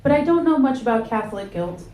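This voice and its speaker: A woman in her thirties performing a stand-up comedy set with a dry, deadpan delivery on a club stage, speaking into a handheld mic. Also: on the high side, fast. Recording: echoey club with loud audience laughter.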